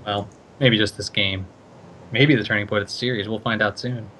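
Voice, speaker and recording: A man's voice: fairly low pitch, steady tone, moderate pace, pushed and bright, slight background noise. A man casting a card game tournament, talking through each play with plenty of thinking-aloud fillers. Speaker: esports caster.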